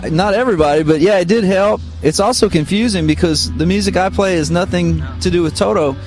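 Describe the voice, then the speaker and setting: A middle-aged man, speaking in a slightly raised pitch. He tells loose, easygoing stories with many fillers and pauses. He sounds like a musician being interviewed on the radio. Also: faint music behind. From Missouri, United States. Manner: relaxed, rambling anecdotes with many fillers. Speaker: guest musician, guitarist. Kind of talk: casual interview storytelling. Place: radio studio.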